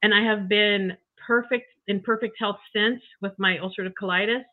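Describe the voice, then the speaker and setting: An older woman shares her personal story as an interview guest, chatty and heartfelt, with plenty of asides and restarts. Her mid-pitched voice comes through a thin, phone-like video-call line. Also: steady tone, fairly quick. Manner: chatty, emotional, frequent you-knows and restarts. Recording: tinny phone-like call audio.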